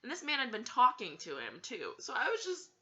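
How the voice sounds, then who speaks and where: A woman's voice: fairly high pitch, huge pitch swings, fairly quick, pushed and bright. A woman telling a story in a casual vlog, giggly and hesitant, with plenty of fillers.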